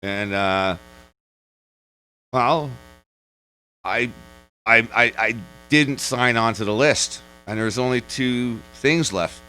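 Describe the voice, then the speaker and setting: A man's voice: medium pitch, slow, long pauses, pushed and bright, clear, resonant tone, poor audio. Rambling, profane man in his forties. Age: 40s. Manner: rambling and profane, full of restarts and digressions. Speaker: vlogger. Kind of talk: casual rant.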